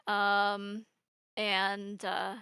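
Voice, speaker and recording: A woman's voice: mid-range voice, monotone, extremely slow, bright, forceful tone, smooth, no echo. A woman co-hosting a casual livestream, chatting and answering viewers' questions. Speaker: cartoon creator and stream co-host.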